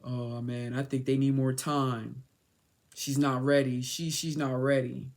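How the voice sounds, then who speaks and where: A woman putting on the voice of a dismissive man who says a mother is not ready, speaking in a low, slow drawl. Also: little pitch movement, lightly acted.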